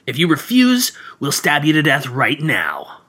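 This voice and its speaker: A man's voice: on the high side, huge pitch swings, unhurried, bright, forceful tone, breathy edge, exaggerated voice. A man voicing a brutal young gang leader giving commanding threats. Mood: threatening.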